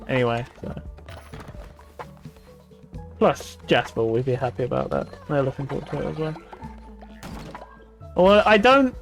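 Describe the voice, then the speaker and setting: A fairly high-voiced man chatting on his gaming stream, cursing constantly as he works himself into an exasperated rant. Faint game music plays underneath his voice. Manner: swears freely, ranting and exasperated. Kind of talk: casual gaming stream chat.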